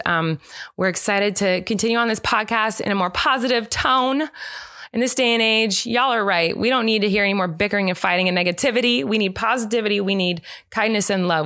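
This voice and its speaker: A woman hosting a podcast, chatting casually and retelling a family story in an animated way, full of "like" fillers. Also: medium pitch, no echo, studio quality. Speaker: podcast host. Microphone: podcast microphone.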